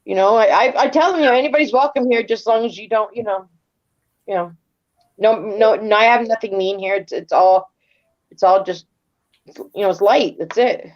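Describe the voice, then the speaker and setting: A woman's voice: mid-range voice, normal speed, long pauses, a little mellow, lo-fi sound. A middle-aged woman telling stories casually as an interview guest, rambling and repeating words as she retells events. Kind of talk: casual storytelling.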